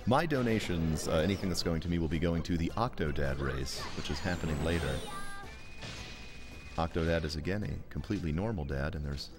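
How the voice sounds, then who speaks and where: A man's voice: rumbling low, lively intonation, brisk, music in the background. A man reading donation messages aloud during a live charity gaming stream, with dry, joking announcer delivery.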